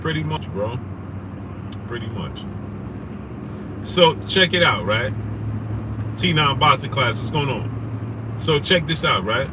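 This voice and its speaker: Lively young guy, voice jumping all over, streaming outdoors with street noise behind. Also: mid-range voice, takes it slowly, pauses often. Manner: animated, laughing, shouts out viewers. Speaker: livestream host. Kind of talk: casual livestream storytelling. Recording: noisy street background.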